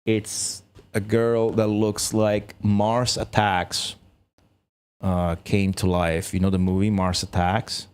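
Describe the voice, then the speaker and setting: A man, rambling and swearing through live gameplay stream chatter, laughing often and jumping into high exclamations. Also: level tone, slow pace, a little mellow, clean tone. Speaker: game streamer. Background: game music.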